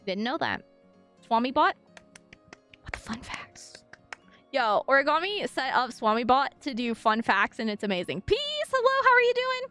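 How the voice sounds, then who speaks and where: A woman's voice: high-pitched, big pitch swings, brisk, pushed and bright, soft background music. A young woman from French Canada chatting casually on a live stream, bubbly and rambling, with lots of fillers and sudden squeals. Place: home streaming room.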